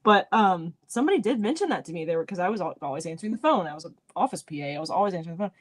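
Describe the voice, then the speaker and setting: A woman's voice: fairly low pitch, rapid-fire. Southern woman hosting a book club call, chatty and laughing a lot. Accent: North Carolina. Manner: laughs often, animated. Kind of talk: casual video call chat.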